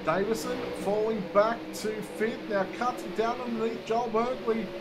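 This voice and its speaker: Male race caller, high-pitched, excitable, live commentary over loud engine and crowd noise. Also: normal speed. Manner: excitable play-by-play, voice rising with the action. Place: speedway commentary position.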